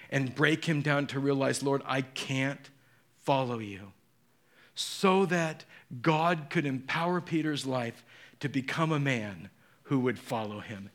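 A middle-aged male pastor preaching a sermon, telling the story dramatically and acting out the voices in quotes. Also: mid-range voice.

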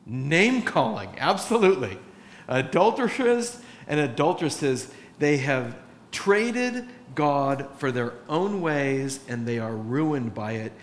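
A man preaching a sermon to his church, impassioned, swinging between hushed confession and loud emphasis. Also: medium pitch, lively intonation, slow pace. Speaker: pastor. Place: church sanctuary. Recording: church hall reverb with faint room noise.

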